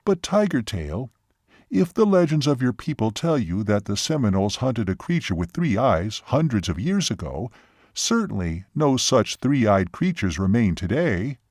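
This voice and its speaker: A lively young waitress tells her story earnestly, with a hint of teasing, in a slightly raised voice, as a male narrator reads her part. Her delivery is animated and wide-ranging. The recording is dry and close. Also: mid-range voice, normal speed, dry recording.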